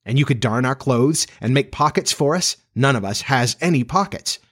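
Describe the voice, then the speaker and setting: A man's voice: medium pitch, expressive, moderate pace, a bit bright, pitched above the performer's own voice. A man voicing a sly, cunning boy in a storybook reading, coaxing and persuasive.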